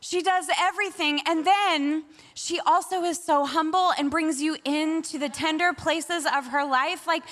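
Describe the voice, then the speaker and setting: A woman from Washington State speaking at a church service, praying and then chatting in an expressive, emotional way. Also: sits high, a little slow, few pauses. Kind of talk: prayer and sermon talk.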